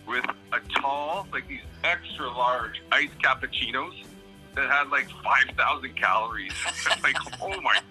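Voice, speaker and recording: Male ex-player, affectionate teasing, bright sharp voice. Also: medium pitch, measured pace, faint music behind, poor audio. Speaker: former teammate. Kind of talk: casual anecdote.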